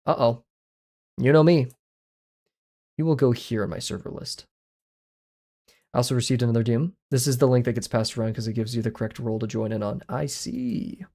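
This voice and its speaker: Male art streamer, casual rambling chatter, gravelly fry in the voice, middle pitch. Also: fairly quick, long pauses, dark tone. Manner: chatty, rambling, self-deprecating. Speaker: livestreaming artist. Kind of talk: casual livestream chat while drawing.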